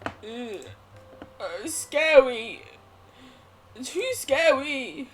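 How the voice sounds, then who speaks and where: A woman's voice: high-pitched, animated, very slow, long pauses, fairly bright tone. A young woman streaming a game, chatting casually with viewers, giggling and swearing. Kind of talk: casual live gameplay chat.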